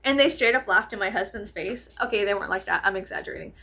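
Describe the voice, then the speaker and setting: A woman, vlogging a casual, profane storytime rant, animated and exaggerating as she talks. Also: mid-range voice, fast.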